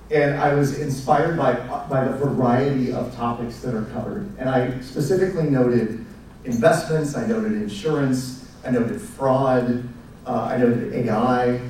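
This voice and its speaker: A man, giving a speech to educators as a presenter in a relaxed storytelling manner with fillers. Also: mid-range voice, a little hiss or hum. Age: 40s. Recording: echoey room, mic at a distance.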